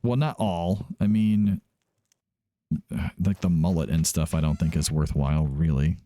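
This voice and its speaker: A man's voice: deep voice, fairly even intonation, a little slow, mellow. A man hosting a let's play, giving casual gameplay commentary, chatty and thinking aloud as he often corrects himself.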